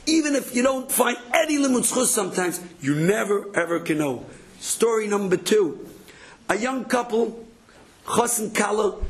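Male speaker with a high voice. Lively storyteller at an inspirational Torah talk who acts out his quotes. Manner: animated, acts out quoted voices, repeats words.

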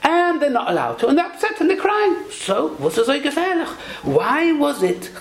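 A man preaches a Torah lesson in a lilting, sing-song cadence, his pitch rising and falling widely as he poses questions and answers them himself. He drops Hebrew and Yiddish phrases into his teaching. A faint hiss of noise sits beneath the voice. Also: sing-song, normal speed, vocal fry, poor audio. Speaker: rabbi giving a Torah talk. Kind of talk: Torah sermon.

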